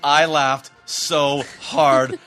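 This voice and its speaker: A man from the Boston area co-hosting a podcast in casual chat, enthusiastic and quick to laugh. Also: on the high side, flat delivery, bright, forceful tone, soft background music. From Boston area, USA. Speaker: podcast co-host.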